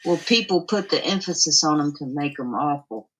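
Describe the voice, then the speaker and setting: A woman co-hosts a live stream and chats in a plain, matter-of-fact way. Her voice sits a little low. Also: expressive, moderate pace, fairly bright tone, breathy edge, rough recording. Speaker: co-host. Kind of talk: casual chat.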